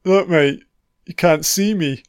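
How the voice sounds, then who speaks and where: A man putting on the voice of a masked slasher killer, taunting in a low, mocking murmur. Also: slow, smooth, dry recording, clean studio sound.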